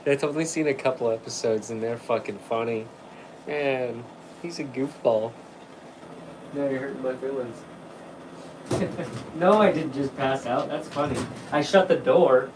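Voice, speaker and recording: A man chatting on a livestream in a rambling, unscripted way, swearing freely and laughing often. His voice sits at an ordinary middle pitch, and a faint hum of air conditioning runs under it. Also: measured pace, long pauses. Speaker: livestream host. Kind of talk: casual livestream chat.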